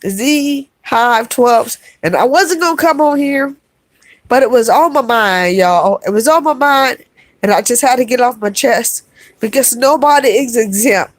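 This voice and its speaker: A woman's voice: fairly high pitch, animated, unhurried, no room sound. A middle-aged woman vlogger talking heartfelt to her live chat, calling her viewers y'all and repeating herself for emphasis. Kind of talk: emotional livestream chat.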